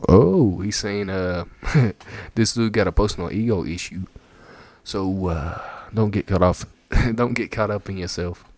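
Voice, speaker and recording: A man's voice: deep voice, measured pace, darkish tone, no room sound. A man giving casual, rambling reaction commentary, with lots of fillers and frequent laughter. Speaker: video reactor.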